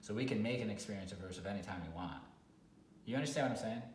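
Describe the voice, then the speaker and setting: Blunt, animated dog trainer man. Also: fairly low pitch, fast talker. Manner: animated, acts out dog owners loudly; blunt, swears. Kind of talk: casual video chat. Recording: echoey room with faint noise.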